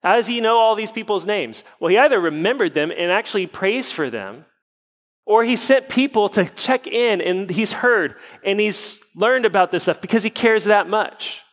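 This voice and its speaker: A man's voice: sits high, lively intonation, moderate pace, long reverb tail, rough recording. A man, a pastor leading prayer and then preaching in a conversational way full of rhetorical questions. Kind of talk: prayer and sermon. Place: church sanctuary.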